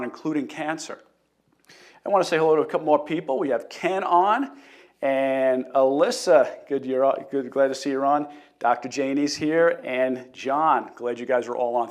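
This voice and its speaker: A middle-aged man hosting a live health talk, telling a patient story in an earnest way and greeting viewers. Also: medium pitch. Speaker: chiropractor host.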